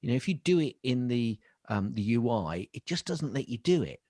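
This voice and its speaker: A man's voice: mid-range voice, sing-song, normal speed, mellow, dry recording, studio quality. A man co-hosting a tech podcast, chatting casually with lots of ums and jokey asides. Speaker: podcast co-host. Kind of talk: casual chat.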